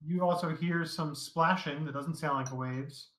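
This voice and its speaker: A man's voice: on the high side, measured pace, fairly bright tone, echoey room. A man narrating a tabletop game as game master, casual and loose, with lots of fillers.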